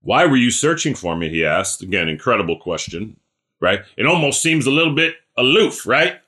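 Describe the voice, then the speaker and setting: A man preaching a relaxed, conversational sermon. He keeps checking in with the congregation and calls on listeners by name. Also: mid-range voice, normal speed. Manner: chatty, asks listeners questions by name; animated, acts out scripture characters. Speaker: pastor.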